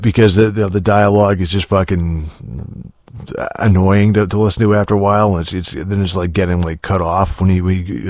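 A man's voice: low-pitched, darkish tone, no room sound, clean studio sound. A man giving a casual, rambling spoken review of a video game, full of swearing, fillers and restarts.

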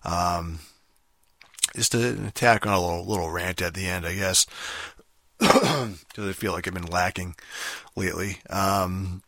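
A man's voice: deep voice, measured pace, long pauses, sharp tone, no room sound, studio quality. A young man hosting a podcast, rambling through a casual game review with constant swearing and lots of fillers. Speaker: podcast host.

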